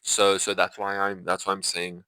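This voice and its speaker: A young man talks to camera about a film, his voice low-pitched but bright and forward. He rambles in loose, unscripted sentences, restarting and correcting himself often. The sound is close and dry. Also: monotone, normal speed, clean tone, no echo, low-quality recording. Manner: rambling, full of fillers and self-corrections. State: itchy eyes. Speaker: vlogger reviewing a film. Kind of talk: casual unscripted talk to camera.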